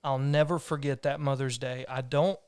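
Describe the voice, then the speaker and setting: A man's voice: medium pitch, steady tone, normal speed, a little mellow, smooth, no room sound, clean studio sound. A man, hosting a podcast and telling a personal story in an earnest, rambling way with restarts. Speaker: podcast host. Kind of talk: casual conversational storytelling.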